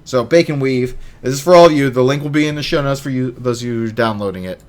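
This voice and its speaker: A man in his thirties hosting a casual podcast chat, jokey and animated, swinging between loud bursts and mumbles. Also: mid-range voice, quick pace. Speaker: podcast host.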